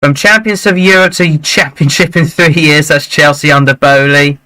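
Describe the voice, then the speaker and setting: A man hosting a live football watchalong, chatting and reacting excitedly to the play. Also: fairly high pitch, normal speed, rough recording. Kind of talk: live match commentary and chat.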